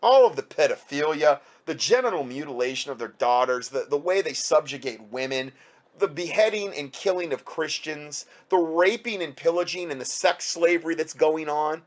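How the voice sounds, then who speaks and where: A man's voice: on the high side, normal speed. A man reading out news reports and breaking in with sarcastic, heated commentary.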